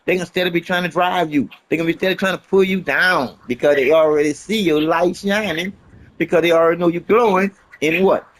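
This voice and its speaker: A man's voice: fairly high pitch, quick pace. A man delivering a rambling, emphatic motivational monologue in casual street slang, repeating his points and swearing often. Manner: emphatic, profane, repetitive preaching.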